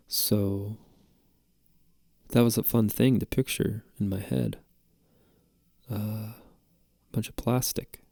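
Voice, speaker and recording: Gravelly podcast host, rambling and profane, in a dry booth. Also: male voice, lowish voice, little pitch movement, takes it slowly, pauses often, mellow, dry recording. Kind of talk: casual storytelling monologue.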